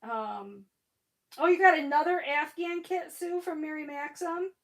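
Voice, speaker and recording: Middle-aged woman, high-pitched, chatty livestream host who rambles and curses casually. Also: unhurried, fairly bright tone.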